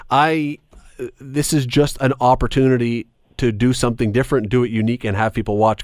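A man's voice: fairly low pitch, no echo, clean studio sound. A man hosting a podcast, telling anecdotes in casual chat and laughing often. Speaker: podcast host.

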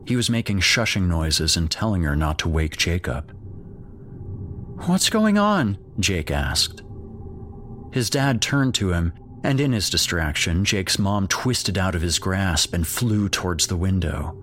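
A man reading a horror story aloud as its narrator in a measured, grave storytelling manner. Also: low-pitched, expressive, fairly bright tone, slight background noise.

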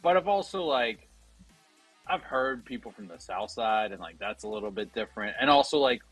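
Co-host, Philly-accented guy, husky and lively, chatty storyteller, dry studio sound. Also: medium pitch, normal speed, soft background music. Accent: Philadelphia. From Philadelphia area. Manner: rambling, animated storytelling with many fillers. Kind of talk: casual chat.

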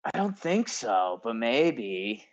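A man's voice: medium pitch, very animated, slow, dull audio. A man co-hosting a casual podcast over a remote call from home, chatty and rambling. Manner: chatty, rambling, says dude a lot. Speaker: podcast co-host. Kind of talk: casual remote sports chat. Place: home in Denver.

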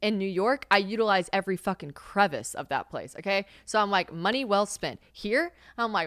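A woman's voice: mid-range voice, lively intonation, normal speed, fairly bright tone, no room sound, studio quality. A young woman hosting a casual solo podcast, rambling and swearing freely, laughing often. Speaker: podcast host. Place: home kitchen.

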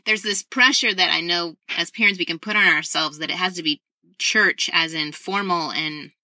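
A woman hosting an interview, affirming her guest and reacting quickly to what she says. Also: lowish voice, bright, forceful tone, dry recording. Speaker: host. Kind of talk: podcast interview.

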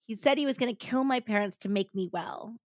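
A woman reading as a quiet, troubled confessing woman. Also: on the high side, brisk, dry recording, studio quality, lightly acted. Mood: hushed.

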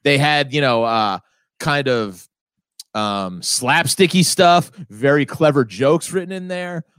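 A man co-hosting a podcast, talking loosely and rambling as he laughs along. His voice sits a bit high for a man. The sound is dry and close, with no room around it. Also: takes it slowly, a bit bright, clean tone, no echo. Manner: rambling, laughs often, slips into silly quoted voices. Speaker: podcast co-host. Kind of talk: casual chat.

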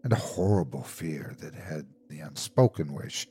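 A man narrating a classic horror story in a measured, grave way as host. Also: extremely low pitch, lively intonation, warm tone, husky. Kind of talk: scripted narration.

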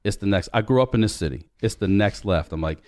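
A man's voice: on the low side, fast, a little mellow, dry recording. A man in his forties telling a personal story, acting out the dialogue and swearing freely. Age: 40s. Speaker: podcast guest. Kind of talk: storytelling in casual conversation.

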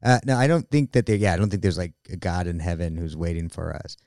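A man's voice: low voice, fast talker, a little mellow, no room sound, clean studio sound. A man chatting as a podcast guest, easygoing and reflective. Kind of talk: casual chat.

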